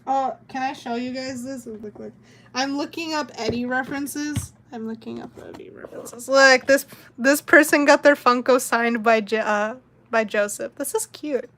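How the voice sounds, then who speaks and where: A woman's voice: high-pitched, steady tone, unhurried, fairly bright tone, slight background noise. A young woman streaming as she draws, chatting casually with a giggly, rambling manner. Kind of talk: casual chat while drawing on stream.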